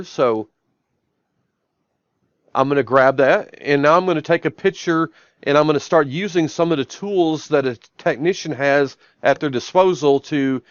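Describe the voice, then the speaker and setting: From his office, a software trainer leads a live-stream demo of a shop tablet app, walking viewers through each step and saying "I'm gonna" before every action. His voice is on the high side, and the recording is muffled with no room sound.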